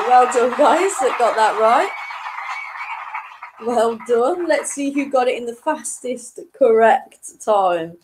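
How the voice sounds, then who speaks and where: A woman's voice: on the high side, expressive, slow, a little mellow, slight background noise, poor audio. A woman in her late twenties hosting an online quiz, chatty and self-deprecating, often breaking into giggles. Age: 20s. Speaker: quiz host.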